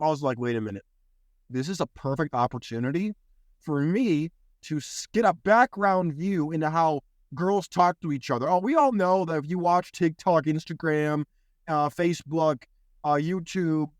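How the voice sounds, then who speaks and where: A young man hosting a podcast, telling a story in casual chat with loose swearing and quick impressions of other people. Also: fairly high pitch, dry recording, studio quality. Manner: animated, swears freely, mimics others in quotes. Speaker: podcast host.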